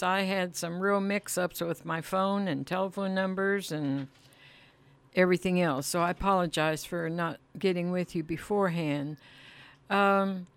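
Woman, radio co-host, friendly, smooth voice, dry close mic. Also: mid-range voice, no echo. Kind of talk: casual radio interviewing.

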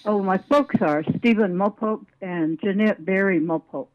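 Older lady guest on radio, calm answers, kinda muffled lo-fi line. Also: mid-range voice, unhurried, no room sound. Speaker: elder guest on radio show. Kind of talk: radio interview.

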